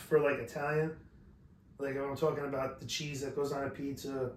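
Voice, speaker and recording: A man's voice: medium pitch, normal speed, slight background noise. A man from New York, co-hosting a podcast, telling stories in a rambling, profane, casual way. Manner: rambling, profane, animated storytelling. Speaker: podcast co-host. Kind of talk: casual chat. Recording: roomy echo.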